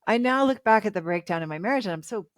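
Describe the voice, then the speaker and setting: A woman's voice: mid-range voice, expressive, fast, no echo, clean studio sound. A woman in her fifties, a relationship author talking as a guest in a casual interview, chatty and reflective and laughing often.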